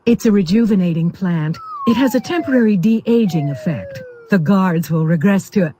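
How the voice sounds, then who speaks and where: A woman voicing a sultry, scheming cartoon villainess with a smooth, coaxing delivery in a web cartoon. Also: mid-range voice, very animated, normal speed, background noise, close to an everyday voice.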